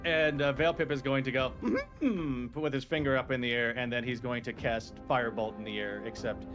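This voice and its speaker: A man playing a tabletop game, casually narrating his character with halting speech. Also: medium pitch, steady tone, music in the background. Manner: halting, with many fillers.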